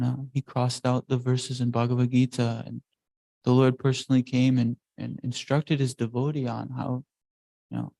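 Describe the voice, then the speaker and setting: Gravelly man retelling a devotional tale. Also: medium pitch, dark tone, no room sound, poor audio. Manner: meandering, self-correcting. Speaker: class speaker. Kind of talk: devotional storytelling in a class.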